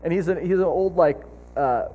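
A man's voice: a little high, normal speed, phone-quality sound, a little hiss or hum. A man at a church service interviewing a guest, eager, chiming in and laughing often.

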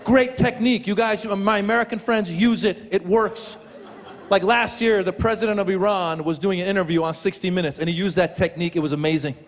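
A man performing a playful, animated stand-up comedy set on a large theater stage. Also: sits high, a little fast. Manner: playful, animated, building to punchlines. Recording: live hall with loud crowd laughter.

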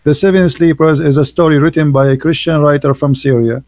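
A man's voice: fairly high pitch, steady tone, a little fast, a little mellow, no room sound. A man hosting a live stream, preaching in an emphatic, scornful, repetitive way in non-native English phrasing. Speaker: livestream host.

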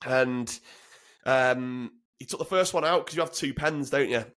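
A British former soldier in his 30s, appearing as a guest, speaks in a plain mid-range voice that's a bit bright, at a measured pace. He tells stories casually and bluntly, swearing freely and laughing through them.

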